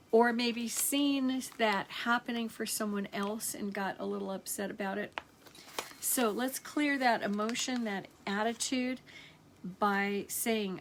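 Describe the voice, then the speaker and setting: A woman teaching energy healing, slowly reading out affirmations in a gentle, unhurried way with many pauses. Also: mid-range voice, a little hiss or hum. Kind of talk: slow guided healing affirmations.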